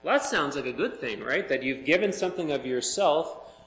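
A man's voice: a little high, expressive, brisk, a bit bright, echoey room, rough recording. A man preaching a sermon as pastor, earnest and emphatic, explaining scripture to his congregation.

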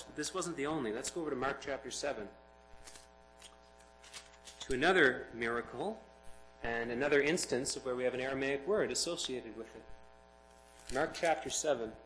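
A man's voice: mid-range voice, fairly quick, pauses often, a little hiss or hum, poor audio. A man preaching a sermon, reading scripture aloud and explaining it with rising emphasis. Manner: expressive, builds to emphatic peaks.

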